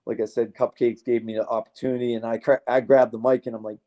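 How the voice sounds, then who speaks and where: A man's voice: medium pitch, flat delivery, fast talker, warm tone. A man, a fighter being interviewed, talking in a rambling, heartfelt way and swearing casually.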